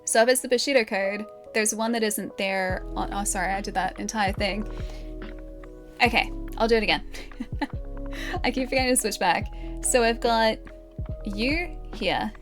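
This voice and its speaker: A woman's voice: mid-range voice, moderate pace, pauses often, music in the background. An Australian woman streaming live, casually thinking aloud and chatting with her viewers.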